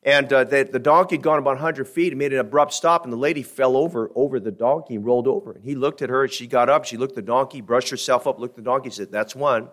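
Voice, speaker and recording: Preaching man, folksy and emphatic. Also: medium pitch. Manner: folksy storytelling, then slow emphatic scripture reading. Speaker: pastor. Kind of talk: sermon with joke and scripture reading.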